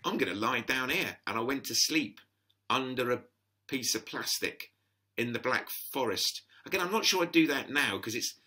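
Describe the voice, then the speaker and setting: Middle-aged man, very bright tone, rambling chatty storyteller. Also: mid-range voice, normal speed. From England. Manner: chatty, rambling, lots of restarts. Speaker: podcast guest. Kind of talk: casual storytelling.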